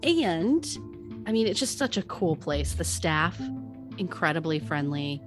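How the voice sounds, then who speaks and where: Fairly low-voiced woman, chatty co-host. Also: big pitch swings, measured pace, music in the background. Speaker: podcast co-host. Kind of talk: casual chat.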